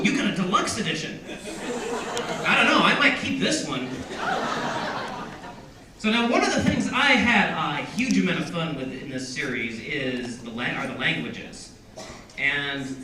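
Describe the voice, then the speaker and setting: A man's voice: a little high, very animated, unhurried, long pauses, distant mic, noisy background. A man, an author, chatting playfully with a crowd at a bookstore signing, joking about himself and laughing often. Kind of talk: reading excerpts and chatting with a crowd. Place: large indoor bookstore. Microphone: audience camera from a distance. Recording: echoey room, recorded from afar.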